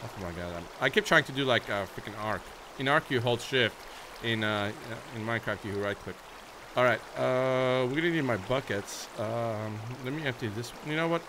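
Playful young gaming commentator, noisy mic. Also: male voice, mid-range voice, normal speed. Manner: playful, chatty, talks to viewers as "guys"; bursts into shrieks and baby talk at his horse. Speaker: gaming YouTuber. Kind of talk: Minecraft let's play commentary.

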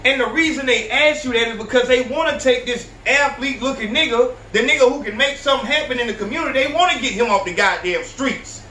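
Podcast host, high-pitched man, profane animated ranting, echoey room with faint hiss. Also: fast, hardly any pauses, recorded from a distance. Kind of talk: profane reaction commentary.

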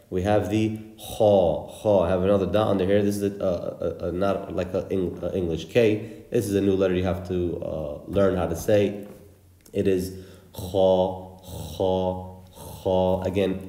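Low, dark-voiced male recitation teacher. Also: roomy sound. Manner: patient, demonstrates sounds with repeated drills. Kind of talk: instructional lesson.

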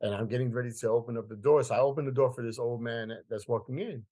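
Husky fifty-something man telling his story. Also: medium pitch, fairly even intonation, fast talker, dark tone. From Queens, New York. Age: 50s. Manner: emphatic, repeats phrases for weight. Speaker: podcast guest. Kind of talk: conversational storytelling.

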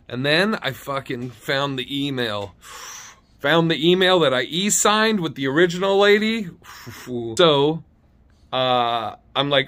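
A man telling a comedic story, animated, profane and indignant. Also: mid-range voice, normal speed.

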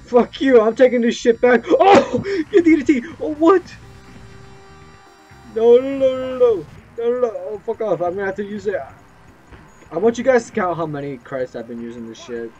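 Excitable young man yelling over gameplay. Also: high-pitched, brisk. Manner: excitable, yelps and swears at the game. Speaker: gameplay streamer. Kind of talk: gameplay commentary. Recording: muffled lo-fi mic with game music.

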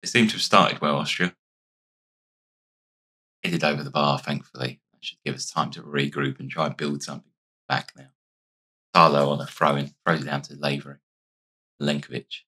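A man with a hoarse, fading voice giving casual let's-play commentary, chatting and thinking aloud as he plays. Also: extremely low pitch, bright, forceful tone. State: losing his voice. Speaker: gaming YouTuber.

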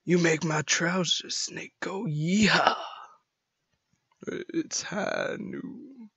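A man's voice: a little high, extremely slow, vocal fry, sharp tone, breathy edge, no room sound, exaggerated voice. A man voicing a drawling male cowboy gunslinger, reading a cheesy flirty line. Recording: dull lo-fi mic.

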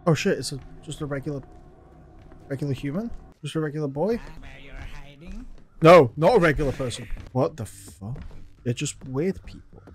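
A man's voice: on the high side, moderate pace, a little mellow, a little hiss or hum. A man giving a jumpy, swear-filled running commentary while playing a video game, talking to himself and to the characters on screen. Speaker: gaming video host. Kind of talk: let's play commentary.

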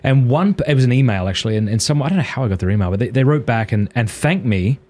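Quick-talking guy hosting a podcast, earnest, kinda confessional. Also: medium pitch, lively intonation, darkish tone. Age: adult father of children. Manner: earnest, confessional, quotes others in little acted bits. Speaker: podcast host. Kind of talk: casual podcast conversation.

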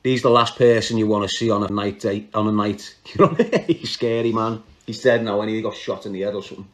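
Speaking a little fast in a fairly low voice with fairly flat intonation, a Scouse podcaster narrates a crime story. He keeps it casual and slangy, often laughing and stopping partway through sentences.

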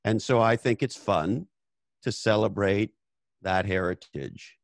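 Hosting a laid-back conversation, a Canadian man tells stories in a blunt, profane way. His voice is lowish and gravelly, unhurried, with no echo at all.

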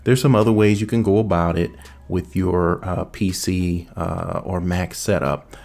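A man's voice: sits low, level tone, measured pace, vocal fry, a little mellow, faint music behind. A man reviewing gadgets in a casual, upbeat chat aimed at his viewers, recorded close on a studio condenser mic. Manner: upbeat, chatty, addresses viewers directly. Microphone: USB condenser mic on boom arm.

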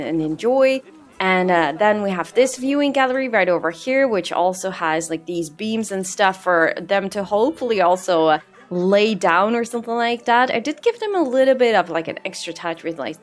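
A young woman narrating her gameplay in a loose, chatty way, filling gaps with "like" and breaking into excited gasps. Her voice sits at an ordinary middle pitch for a woman. Soft game music plays faintly behind her. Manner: chatty and excitable, with many "like" fillers and gasps of delight. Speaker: gameplay streamer. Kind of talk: casual let's-play commentary.

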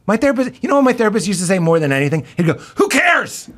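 Male comedian guest, slightly high pitch, animated chatty delivery that slips into quoted voices. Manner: animated, quick to laugh, acts out quoted voices. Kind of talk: casual podcast chat.

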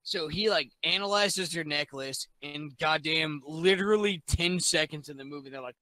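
A man, a little tipsy, tells a story in a loose, rambling way, with curses dropped into nearly every line. His voice is bright and forceful and sits a bit high. It sounds close and dry, with no room around it. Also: moderate pace, dry recording, rough recording. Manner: rambling, profane, animated. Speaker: podcast guest. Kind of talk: casual chat, retelling a movie plot.

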